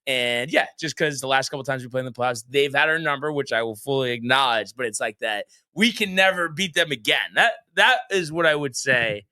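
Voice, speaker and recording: A man hosting a sports podcast, ribbing a caller and the comments with exasperated, animated banter. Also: medium pitch, a little fast, few pauses, smooth, dry recording. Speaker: podcast host.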